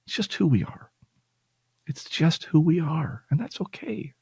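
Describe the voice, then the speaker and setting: A man's voice: a little high, wildly swooping pitch, normal speed, vocal fry, darkish tone, breathy edge, dry recording, clean studio sound. A male podcast host talking earnestly and reassuringly to his listeners, at times getting emotional. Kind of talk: heartfelt personal talk to listeners.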